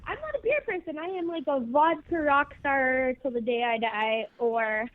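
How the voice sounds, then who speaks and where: A Canadian woman co-hosting a casual radio show, energetic and slangy, laughing easily. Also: high-pitched, moderate pace. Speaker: co-host. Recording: tinny phone line.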